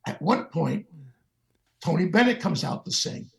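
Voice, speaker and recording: A man's voice: on the high side, a little slow, vocal fry. An older man, a guest musician, telling stories in a sit-down interview and acting out the voices of the people in them. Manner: animated, acts out the voices of the people in his stories.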